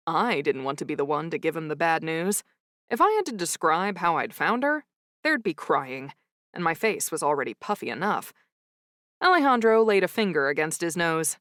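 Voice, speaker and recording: A woman narrating a cozy audiobook in first person with a wry, expressive storytelling manner. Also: fairly low pitch, moderate pace, no room sound. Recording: dry close studio sound.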